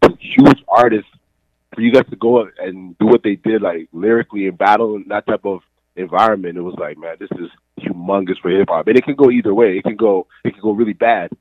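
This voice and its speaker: A man co-hosting a casual music podcast, laid-back and trailing off softly at the ends of thoughts. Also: fairly low pitch, a little fast, dry recording. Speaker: podcast co-host. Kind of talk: casual chat. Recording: dull lo-fi dry sound.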